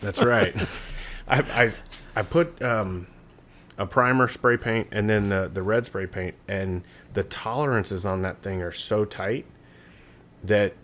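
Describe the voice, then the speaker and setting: A man's voice: on the low side, slow, fairly bright tone, a little hiss or hum. A man co-hosting a podcast in casual chat over a video call, eagerly telling stories and tripping over his words as he restarts. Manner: eager storyteller, stumbles and restarts. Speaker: podcast co-host.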